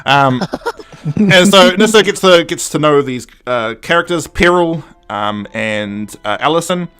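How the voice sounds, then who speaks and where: A man hosting a podcast, recapping a story in a casual, animated way with lots of fillers. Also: on the high side, a little slow, clear, resonant tone. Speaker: podcast host. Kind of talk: casual review chat.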